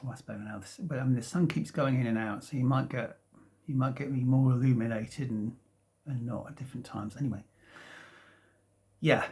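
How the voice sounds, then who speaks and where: A man in his fifties tells a long, meandering story from his sofa at home. His voice has a gravelly edge and sits at an ordinary pitch. He talks hesitantly, restarting phrases and breaking into soft chuckles. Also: brisk. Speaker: vlogger. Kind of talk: casual rambling storytelling. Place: at home, sitting in a sunlit room.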